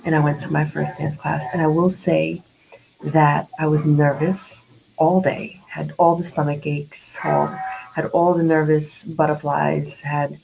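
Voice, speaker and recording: A woman in her late forties with a low voice talks through a personal diary vlog. She is candid and slangy, shifting between lively retellings and soft reflection. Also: measured pace, vocal fry, background noise. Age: 40s. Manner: candid, slangy, animated when retelling, hushed when grieving. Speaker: vlogger.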